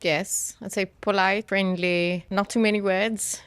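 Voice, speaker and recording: A woman answering an interview in a measured way, listing her points. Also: medium pitch, steady tone, smooth.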